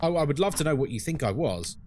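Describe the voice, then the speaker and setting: A man's voice: on the high side, animated, fast, a little mellow, a little hiss or hum. A man with a London accent, chatting frankly on a live game stream and answering his chat as he plays. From England.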